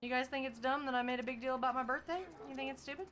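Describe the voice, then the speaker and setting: A woman's voice: sits high, steady tone, very fast, fairly bright tone, slight background noise. A young woman chatting casually on a livestream, laughing often and reading chat aloud. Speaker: streamer.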